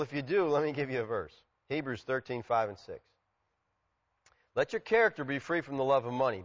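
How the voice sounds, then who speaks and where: Animated preacher man in an echoing hall. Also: on the high side. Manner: animated, acts out quoted voices, shifts from loud exclamations to quiet asides. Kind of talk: expository sermon. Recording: muffled sound with long reverb.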